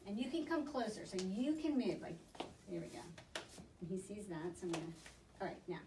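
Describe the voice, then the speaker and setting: A woman dog trainer giving brisk, encouraging hands-on coaching to a student. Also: mid-range voice, big pitch swings, background noise. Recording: echoey room, mic at a distance.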